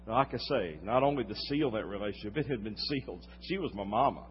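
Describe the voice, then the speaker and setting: Older male preacher, rises loud then drops to a hush, recorded in a big reverberant church with faint hum. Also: fairly low pitch, lively intonation, quick pace. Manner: dramatic storytelling, swinging from loud to hushed. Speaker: pastor. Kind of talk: sermon. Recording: reverberant hall, slightly dull sound.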